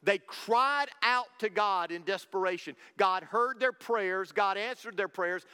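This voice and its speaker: Man, pastor, preaching, high voice, repetitive cadence, reverberant hall. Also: a little slow, sharp tone, clear, resonant tone. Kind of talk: sermon.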